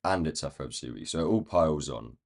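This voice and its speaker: Male streamer, very deep voice gone croaky, loose live chart commentary, thinking out loud. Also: lively intonation, fast talker. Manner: thinking aloud while marking up charts. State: croaky, feeling rough. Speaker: day trading livestream host.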